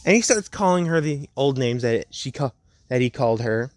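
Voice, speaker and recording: A young man at home casually narrating a fan story, rambling and laid-back, slowing down for the dramatic parts. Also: mid-range voice, expressive, no room sound.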